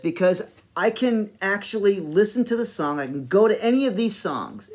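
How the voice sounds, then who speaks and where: Rambling man telling a personal story. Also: on the high side. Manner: animated, rambling, many fillers. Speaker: podcast host.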